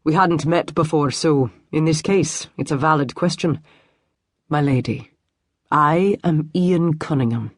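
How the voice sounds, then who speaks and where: A woman voicing a commanding young Scottish lord with a deep, aristocratic burr. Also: a little slow, dry recording, studio quality. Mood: gentle.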